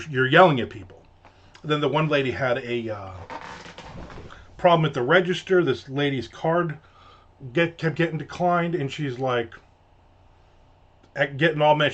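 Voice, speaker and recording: A man telling a casual, exasperated story with animated voices and free swearing. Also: medium pitch, dull audio. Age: adult.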